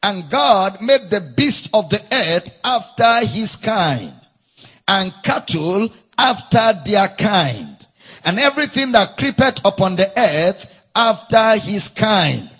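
A preacher with a Nigerian English accent teaching from the Bible, reading verses in a singsong way and repeating key phrases for emphasis. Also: male voice, sits high, sing-song, slow, a bit bright, slightly rough, faint music behind.

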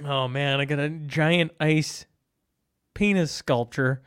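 A man's voice: a little high, steady tone, takes it slowly, a bit bright, clear, resonant tone. A man hosting a casual comedy chat show, joking, laughing often and stumbling over his words. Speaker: podcast host.

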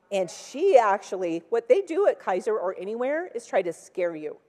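A woman's voice: mid-range voice, sing-song, moderate pace, few pauses, darkish tone, in a large hall. A woman in her sixties giving a personal testimony from a church pulpit, chatty and full of "like" and acted-out quotes. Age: 60s. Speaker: church speaker. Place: large church hall.

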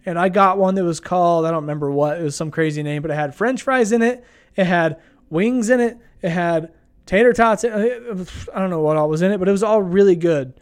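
High-voiced rambling young man. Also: a little fast. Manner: rambling, laid-back, many fillers. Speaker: vlogger. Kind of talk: casual travel storytelling.

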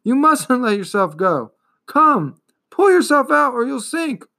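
A man voicing a brave, earnest young boy hero, pitching his voice up and sounding urgent in a storybook reading. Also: very animated, normal speed.

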